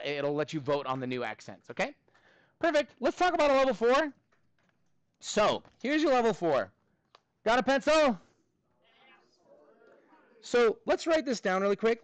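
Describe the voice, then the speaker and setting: A man teaching a middle school math class, talking in a playful, animated way with many fillers. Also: fairly high pitch, clean tone, dry recording, low-quality recording. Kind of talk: classroom lesson.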